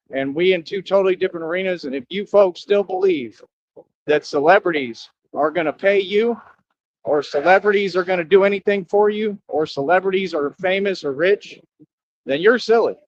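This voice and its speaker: A man giving a rambling, boastful livestream monologue outdoors near a highway, scolding his viewers and repeating himself. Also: highs cut off, slight background noise. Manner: talks straight to his viewers, scolding them.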